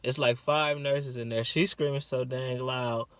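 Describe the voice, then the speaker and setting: A man's voice: medium pitch, fairly even intonation, a little slow, a bit bright, clear, resonant tone, no echo. Laid-back young man chatting casually. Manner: laid-back, slangy, a bit hesitant. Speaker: co-host, her partner. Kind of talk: casual storytelling chat.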